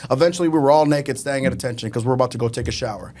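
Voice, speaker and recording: A man telling casual stories as a podcast guest, animated and often laughing as he talks. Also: medium pitch, very fast. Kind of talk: casual storytelling.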